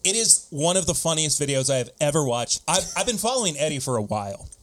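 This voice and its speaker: A man in easygoing podcast banter, his pitch swinging up and down as he gets excited. He laughs a lot and at times talks through a mouthful of food. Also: quick pace. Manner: animated, laughs often. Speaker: podcast co-host. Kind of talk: casual chat.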